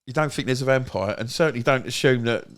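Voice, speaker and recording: A man's voice: mid-range voice, fast talker, a bit bright. A young man co-hosting a podcast, joking loosely and giggling through casual banter. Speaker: podcast co-host.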